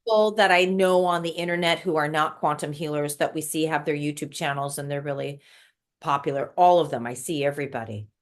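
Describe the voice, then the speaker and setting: In casual conversation, a woman guest with a deep voice and steady tone recounts an emotional spiritual story a little fast. She repeats words, her telling emotional and breathless.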